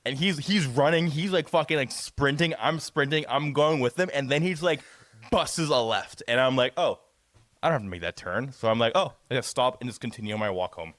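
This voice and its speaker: A young man co-hosting a podcast, rambling through a profane, animated story in casual chat. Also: medium pitch, a little fast, no room sound. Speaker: podcast co-host.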